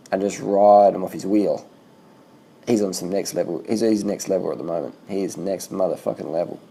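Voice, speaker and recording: Male amateur race commentator, dark husky voice, excitable and profane. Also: lowish voice. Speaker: cycling vlogger commentating race footage.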